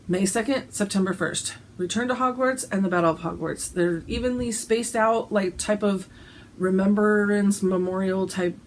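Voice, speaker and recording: A woman's voice: fairly low pitch, a little hiss or hum, low-quality recording. A woman chatting casually to camera about her shirts, giggly, with plenty of ums and restarts. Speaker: cross-stitch vlogger selling shirts.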